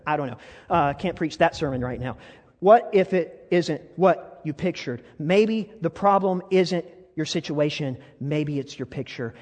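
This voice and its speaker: A man preaches from the pulpit, his voice pitched high and earnest as he presses the congregation with question after question. His delivery swells into fervent appeals. The sound rings with the long reverb of a large church hall. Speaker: pastor. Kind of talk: sermon.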